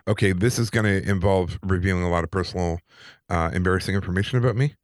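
A man on a podcast, casually telling a personal story in an animated, self-deprecating way. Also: deep voice, quick pace, no room sound, studio quality. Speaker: podcast co-host.

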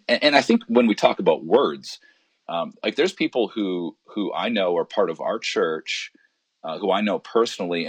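Casting: male pastor, very deep husky voice, dry close mic, relaxed and reflective. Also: no echo. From Canada. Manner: relaxed, thoughtful, many restarts. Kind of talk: casual podcast conversation.

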